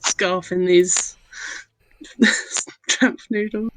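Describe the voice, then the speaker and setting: A woman's voice: fairly low pitch, steady tone, extremely slow, rough recording. A woman playing a tabletop game, casually describing what her character does. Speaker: player. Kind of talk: casual tabletop role-play.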